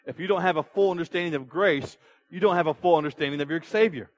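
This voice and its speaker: A man's voice: a little high, fast talker, lo-fi sound. A male pastor preaching a sermon, retelling a story and putting rhetorical questions to his congregation. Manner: storytelling with repeated restarts.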